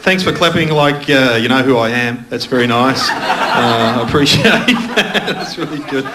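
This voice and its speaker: A man's voice: mid-range voice, expressive, normal speed, heavy background noise. A man with an Australian accent doing rambling, self-mocking stand-up comedy and crowd work on a TV studio stage. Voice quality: rambling, chatty, self-mocking, laughing at his own lines. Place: TV studio stage with live audience.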